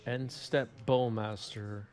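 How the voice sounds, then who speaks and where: A man's voice: mid-range voice, fairly even intonation, slow pace, darkish tone, faint music behind. Wry man with a New York accent. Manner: wry, reads chat aloud. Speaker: commentator. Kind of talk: live game commentary.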